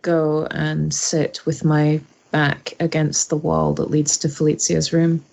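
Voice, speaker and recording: Woman in a tabletop rp, low slow husky voice, soft and hesitant. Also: level tone, rough recording. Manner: soft, hesitant, quietly earnest. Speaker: player. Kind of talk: in-character tabletop role-play.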